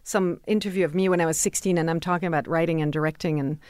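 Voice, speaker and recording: A woman in her fifties from France with a French accent, chatting as an interview guest. She talks in a loose, chatty way, fills her speech with "you know," and laughs off dark topics. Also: sits low, steady tone, fast, dry recording, studio quality. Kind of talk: casual conversation.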